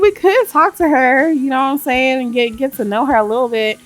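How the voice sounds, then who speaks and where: A woman hosting a let's-play, chatting in animated, slangy commentary with frequent laughter. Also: high-pitched, moderate pace, no room sound, soft background music. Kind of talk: gameplay commentary.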